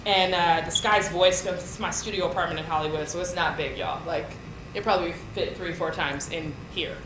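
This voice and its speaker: Woman, 30s, lively storyteller at a lecture, echoey hall, audible room noise. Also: on the low side, brisk. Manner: animated storyteller, acts out quotes, laughs often. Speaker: poet giving a lecture. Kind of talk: storytelling talk.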